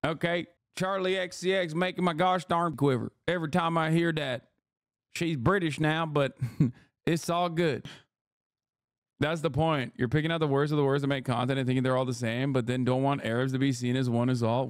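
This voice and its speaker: A man's voice: a little high, fairly even intonation, moderate pace, clean tone, no echo, studio quality. A man streaming live, reacting to a video and ranting at his chat in a mocking, profane, casual way.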